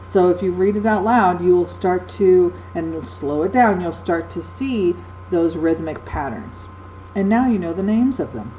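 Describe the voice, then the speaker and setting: A woman teacher talks through a recorded lecture in a low, mellow voice. She explains patiently and fills pauses with ums and uhs, and a faint hum sits under her voice. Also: animated, low-quality recording. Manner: explains patiently with frequent fillers.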